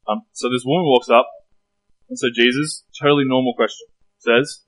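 A man preaching a sermon in a relaxed, conversational way, posing rhetorical questions. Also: mid-range voice, normal speed, rough recording.

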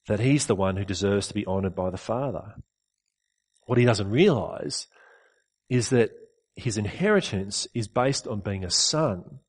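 A man preaching a sermon in an earnest, conversational way with rhetorical questions. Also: fairly low pitch.

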